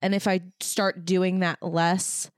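A woman's voice: fairly low pitch, level tone, slow pace, clean tone, dry recording, studio quality. A young woman, an expectant mother co-hosting a podcast, talking casually and reflectively with many fillers. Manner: chatty, self-reflective, with frequent fillers and laughs. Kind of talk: casual couple chat.

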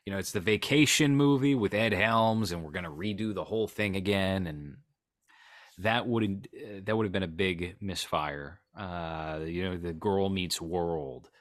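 A man with a very low voice talks about movies in a loose, rambling way, cracking jokes at his own expense. He sounds close to the mic in a dry, dead room. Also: measured pace, fairly bright tone, no echo. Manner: rambling, joking, self-deprecating. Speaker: podcast co-host. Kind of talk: casual film chat.

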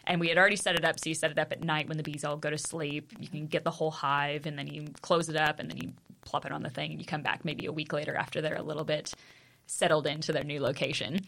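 A woman's voice: sits low, vocal fry, a bit bright. A woman in her thirties, co-hosting a podcast and telling stories in casual chat, laughing often. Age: 30s. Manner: chatty storyteller, laughs often. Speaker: podcast co-host.

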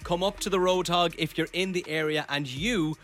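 A man hosting a radio phone-in game in a brisk, upbeat presenter manner. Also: fairly high pitch, fairly bright tone. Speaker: radio host running a game.

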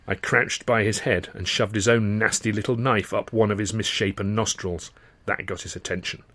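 Man, author reading his own comic novel, wry storytelling, lowish voice, dry close recording. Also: little pitch movement, normal speed, fairly bright tone, no room sound. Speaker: author and reader.

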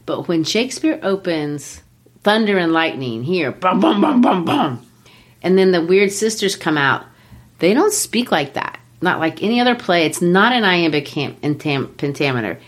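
A woman's voice: fairly low pitch, lively intonation, moderate pace. Woman explaining drama enthusiastically. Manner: enthusiastic, lecturing, taps out rhythms aloud. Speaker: podcast co-host. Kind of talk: casual explanatory chat about literature.

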